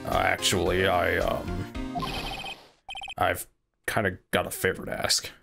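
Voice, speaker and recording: A man's voice: deep voice, completely flat delivery, a little slow, gravelly, exaggerated voice. A man voicing a clumsy, earnest male detective who talks hesitantly, over game music. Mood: sheepish. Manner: hesitant, filler-heavy talk.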